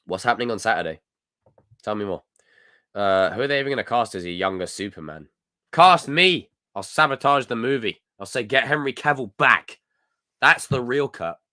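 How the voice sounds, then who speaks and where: A young Scottish man hosting a casual live chat, reading comments and ranting in a jokey, animated way. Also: on the low side, brisk, no room sound, clean studio sound. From Scotland. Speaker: livestream host.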